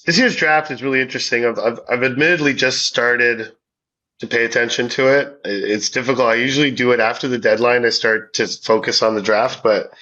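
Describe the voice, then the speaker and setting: A man's voice: medium pitch, fairly even intonation, a little fast, bright, forceful tone, highs cut off. A man co-hosting a casual sports podcast, talking through his thoughts with many restarts and easy laughs. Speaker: podcast co-host. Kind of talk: casual hockey podcast chat.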